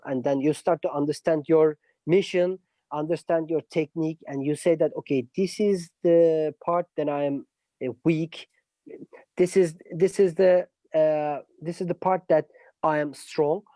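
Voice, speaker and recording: English, halting speech, many fillers, middle pitch, dry sound. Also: dark tone, dry recording. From Turkey. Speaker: guest musician. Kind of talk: casual interview chat.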